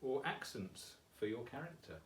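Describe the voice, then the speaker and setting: A man's voice: medium pitch, lively intonation, moderate pace, fairly bright tone. A man co-hosting a casual chat, reading listener questions and adding brief, wry interjections. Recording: roomy, distant mic, faint noise.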